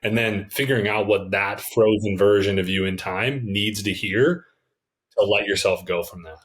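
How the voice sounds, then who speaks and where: A man hosting a podcast, talking in a relaxed, enthusiastic way with lots of casual fillers. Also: fairly low pitch, moderate pace. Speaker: podcast host.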